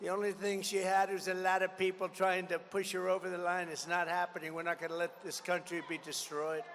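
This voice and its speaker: A man's voice: high voice, little pitch movement, a little fast, a bit bright. A man in his seventies gives a campaign rally speech, combative and mocking, repeating his lines for punch. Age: 70s. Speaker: political candidate. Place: large rally venue. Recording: long arena reverb, faint background noise.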